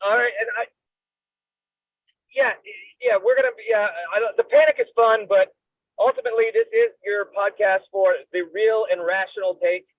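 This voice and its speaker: A man with a high voice trades loose, joking sports talk as a podcast co-host. His sound is thin and phone-like, with a dry, close feel to it. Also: fairly even intonation, moderate pace, no echo. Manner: loose, joking, swears casually. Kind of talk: casual sports chat.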